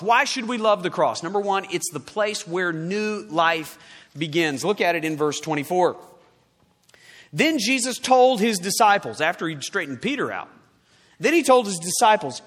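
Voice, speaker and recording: Fervent high-pitched male preacher in a big hall. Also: expressive, moderate pace. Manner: forceful, swings from loud emphatic peaks to low quiet asides. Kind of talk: sermon.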